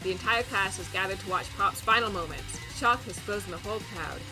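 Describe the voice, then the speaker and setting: A woman streamer in casual gaming commentary, reading game text aloud, joking and reacting loudly and playfully. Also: mid-range voice, fairly quick, music in the background.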